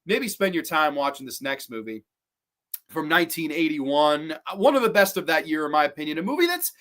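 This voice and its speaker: The host's mid-range voice swings widely in pitch, runs a little fast and sounds a bit bright. On this livestream podcast ranking horror films, the talk is blunt, profane and rambling, with frequent restarts, trailing asides and viewer questions.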